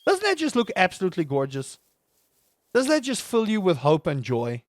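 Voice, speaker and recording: Man, gaming commentary, playful and jokey, slightly high voice. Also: huge pitch swings, moderate pace, dry recording, clean studio sound. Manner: playful, chatty, jokey wordplay. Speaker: gaming host. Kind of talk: let's play commentary.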